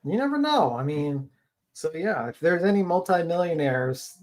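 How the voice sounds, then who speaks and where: Panel co-host: rambling, teasing banter, medium pitch. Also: big pitch swings, normal speed, darkish tone. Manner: rambling and joking. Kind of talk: casual livestream chat.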